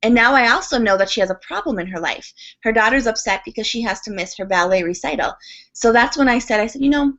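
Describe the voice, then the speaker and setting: A woman talking as a guest in a podcast interview, telling a story in a chatty, animated way with quick asides. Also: on the high side. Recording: dull lo-fi sound.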